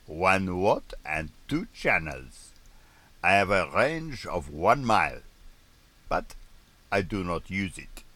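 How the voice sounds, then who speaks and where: A proud male sailor, as a man puts him on, speaking. His voice sits very low, yet bright and forceful at the front. He is grave and unbending, dismissive of modern gadgets. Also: big pitch swings, takes it slowly, no room sound, exaggerated voice. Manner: growling, grave. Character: proud gruff male French yachtsman.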